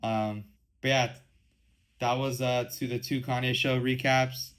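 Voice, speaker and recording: A man's voice: medium pitch, flat delivery, a little slow, fairly bright tone, clear, resonant tone, poor audio. Rambling young man podcasting. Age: 20s. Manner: rambling, heavy use of "like" and "um". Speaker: podcast host. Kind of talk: casual solo podcast chat.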